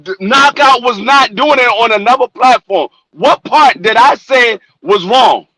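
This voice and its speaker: A man's voice: extremely high pitch, a little slow, bright, forceful tone, dry recording, low-quality recording. A man on an online debate panel, combative and repeating his point, talking over a video call.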